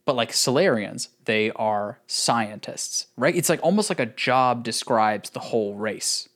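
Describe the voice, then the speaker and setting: Animated man in casual gaming chat. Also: mid-range voice, measured pace. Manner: animated, says "like" a lot, laughs often. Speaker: podcast co-host.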